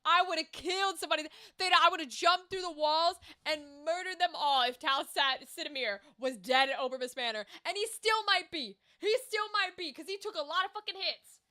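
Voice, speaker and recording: A woman talking to her stream viewers in an animated, casual way, swearing freely and bursting into exclamations. Her voice sits high and bright. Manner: animated, profane, quick to exclaim. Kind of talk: casual livestream chat.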